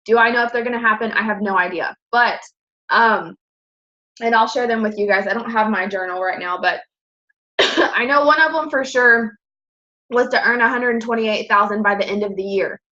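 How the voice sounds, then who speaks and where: Bright-voiced young woman, chatty and upbeat. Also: fairly high pitch, normal speed, lo-fi sound. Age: 20s. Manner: chatty, upbeat, many fillers and self-corrections. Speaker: team leader presenting to her sales team. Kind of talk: casual presentation to her team.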